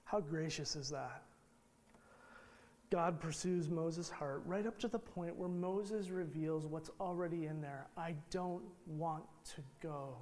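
A man's voice: on the high side, unhurried, darkish tone. A male pastor preaching a sermon in a conversational way, full of rhetorical questions and restarted phrases. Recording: long reverb in a large hall.

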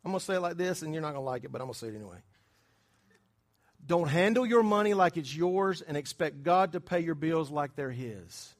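A man delivers a sermon with a notably high voice. He talks with his congregation more than at them, checking in with quick questions. He drops to near whispers, then climbs into loud, emphatic bursts. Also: animated. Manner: conversational preaching, quizzing the congregation; swings between hushed asides and loud emphatic bursts. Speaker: pastor.

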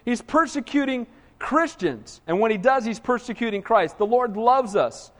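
A man with a high voice preaches with animated, call-and-response energy. His sermon rings out with a long hall reverb, as if in a church sanctuary. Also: moderate pace. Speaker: pastor.

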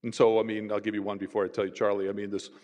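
A man, a university professor, telling stories in an animated conversational way and voicing the people in them. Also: fairly low pitch, very fast. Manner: animated, voices others in his stories. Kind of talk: conversational storytelling. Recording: roomy with long reverb.

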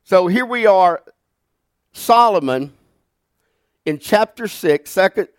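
Preacher guy telling a goofy story, folksy and animated, kinda high voice, dry close sound. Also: slow pace, clean tone, no room sound. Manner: folksy, animated storyteller who laughs through his stories. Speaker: pastor. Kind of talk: sermon with storytelling. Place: church sanctuary.

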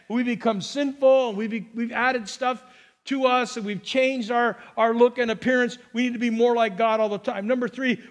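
A man with an unusually high voice preaches in a loose, conversational way. He spins personal stories and coaxes his listeners along as a pastor would from the pulpit. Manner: storytelling, coaxing the congregation with "come on". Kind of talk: conversational sermon.

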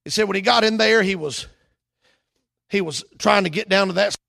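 A male pastor preaching in an impassioned sermon style. His voice sits high for a man, and it is heavily gravelly and bright. He swells into shouts for emphasis. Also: moderate pace.

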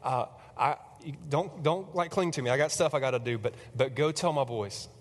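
A man voicing a calm, gentle man who soothes a frantic woman in a relaxed, casual way. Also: medium pitch, normal speed, natural voice. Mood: soothing. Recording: long hall reverb.

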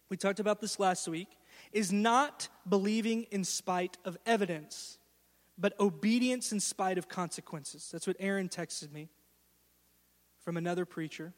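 A man in his thirties delivers an earnest, storytelling sermon with emphatic stresses. His voice sits high for a man. The sound rings out with a long reverb, as in a large church hall. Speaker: pastor.

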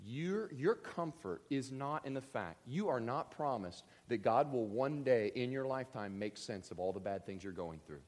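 Preaching to his congregation, a man speaks earnestly and directly at normal speed with few pauses. His voice is medium-pitched, and the sermon builds into emphatic, animated bursts.

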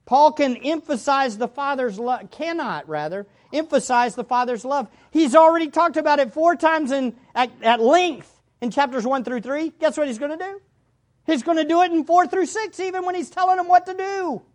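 A woman preaching a sermon, speaking to her listeners directly, repeating key phrases and swinging between loud and hushed. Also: sits high, normal speed. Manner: addresses the congregation directly.

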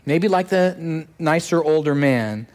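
A man giving a devotional message in the form of a story, reflective and pausing, with frequent restarts. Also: on the high side, expressive, darkish tone. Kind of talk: sermon-style storytelling.

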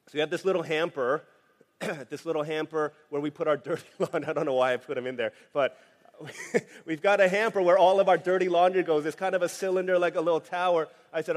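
A man preaching a sermon in a relaxed, conversational way, telling a family story with many fillers. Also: fairly high pitch, fast. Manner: conversational, anecdotal, frequent fillers. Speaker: pastor. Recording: long hall reverb.

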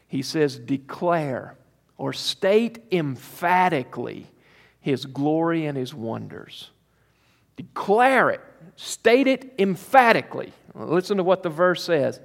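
A man preaching a sermon as pastor, emphatic and drawn out, with pauses to let points sink in. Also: a little high, expressive, creaky, big-room sound.

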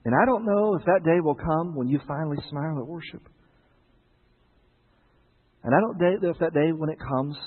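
A man's voice: mid-range voice, husky, long reverb tail, narrow, tinny audio. A male pastor preaching a sermon, telling stories with jokes for the congregation.

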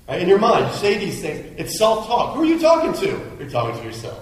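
A man's voice: on the high side, sing-song, fairly quick, few pauses. A man preaching a sermon as pastor of a church, talking conversationally and acting out the voices in people's heads. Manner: conversational, acts out inner voices. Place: church sanctuary. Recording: very echoey hall.

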